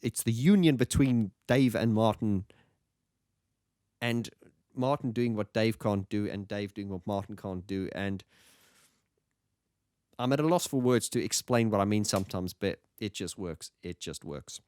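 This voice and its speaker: A man's voice: fairly low pitch, measured pace, long pauses, darkish tone, no echo, studio quality. A man reviewing an album in a casual, enthusiastic, rambling monologue.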